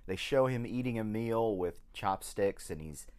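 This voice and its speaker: A man co-hosting a podcast, chatting casually about an old film in a hesitant way, with many pauses and restarts. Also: lowish voice, expressive, darkish tone, smooth. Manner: slow, hesitant, full of ums and restarts. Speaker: podcast co-host.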